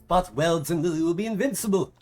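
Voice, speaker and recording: A man's voice: on the high side, fast talker, pitched above the performer's own voice, close to an everyday voice. A man voicing a manic male mad scientist engineer who barks his lines in a frantic rush. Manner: frantic, barking.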